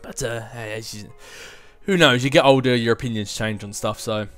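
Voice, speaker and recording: A man's voice: mid-range voice, moderate pace, fairly bright tone, soft background music. A young man in his twenties hosting a casual vlog and answering viewer questions in a rambling, chatty way, with self-mocking asides. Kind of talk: casual chat.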